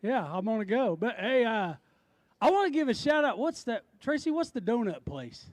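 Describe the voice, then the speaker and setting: A man who fishes the tournament, joking on stage and giving a shout-out. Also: very high-pitched, sing-song, moderate pace, no room sound. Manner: playful, giving shout-outs. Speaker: tournament angler. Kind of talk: casual banter on stage.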